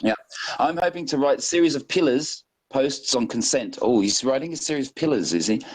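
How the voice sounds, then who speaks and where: A man in a casual online hangout, reading passages aloud and breaking off to mock them. His voice is mid-pitched and sits in a dry, close sound. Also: lively intonation, a little fast, a little mellow, no room sound, rough recording. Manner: mocking, reads quotes aloud with sarcastic asides. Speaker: hangout participant.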